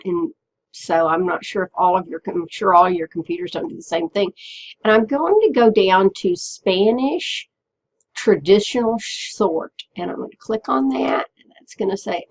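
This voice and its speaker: A woman teacher walking students through a software tutorial step by step, patiently checking in with them as she goes. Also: mid-range voice, normal speed, highs cut off. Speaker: Spanish teacher. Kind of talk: screen-recorded software tutorial.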